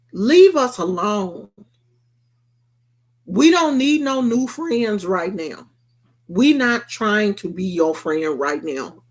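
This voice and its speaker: A woman's voice: on the low side, darkish tone. A woman vlogger delivering a blunt, repetitive rant to her viewers. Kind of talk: emphatic rant to camera.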